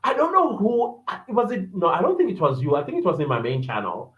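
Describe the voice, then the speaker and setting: A man's voice: high-pitched, wildly swooping pitch, brisk. A man hosting a livestream podcast, chatting casually, laughing often and greeting viewers by name as he reads their comments aloud. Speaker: podcast host reading live chat. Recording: echoey room, dull lo-fi sound.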